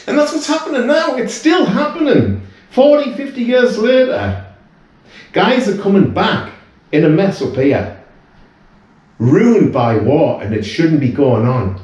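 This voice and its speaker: Slow and very animated, with long pauses, this high-pitched, slightly mellow voice comes from a British man in his fifties. He's a guest in casual chat, speaking earnestly while rambling and restarting a lot. He's recorded off-mic in a very echoey room.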